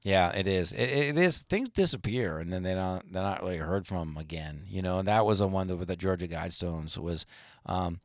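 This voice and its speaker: A man co-hosting a podcast, chatting casually and retelling stories in an animated, rambling way. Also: sits low, moderate pace, no echo, clean studio sound. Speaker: podcast co-host. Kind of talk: casual chat.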